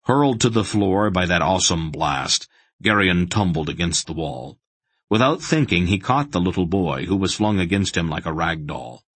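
A man narrating a fantasy audiobook in a dramatic, measured storytelling manner. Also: sits low, fairly bright tone, husky, dry recording.

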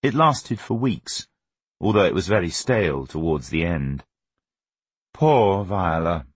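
A man reading a novel aloud as an audiobook narrator, with an expressive, wry storytelling manner. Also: sits low, slow pace, breathy edge, no room sound. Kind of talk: scripted narration.

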